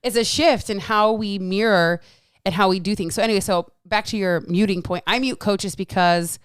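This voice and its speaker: A woman's voice: mid-range voice, normal speed, clean tone, no echo, studio quality. Chatty East Coast woman host. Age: 40s. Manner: chatty, swears freely, acts out quotes. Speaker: podcast host and fitness coach. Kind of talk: casual chat.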